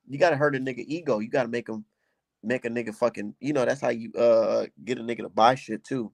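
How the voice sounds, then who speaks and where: A man's voice: medium pitch, fast talker, gravelly. A male streamer giving profane, mocking reaction commentary and laughing often.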